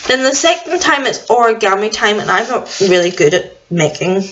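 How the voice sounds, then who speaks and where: A woman's voice: medium pitch, animated, moderate pace, a bit bright, a little hiss or hum. Chatty young woman, lo-fi home video. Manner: rambling, chatty, self-deprecating. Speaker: vlogger. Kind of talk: casual chat. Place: at home indoors.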